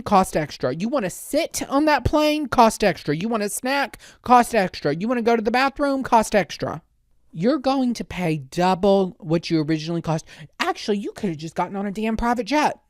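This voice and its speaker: A woman's voice: medium pitch, expressive, normal speed, no room sound, clean studio sound. A woman podcast host delivering a casual, sassy comedic monologue with exaggerated rants.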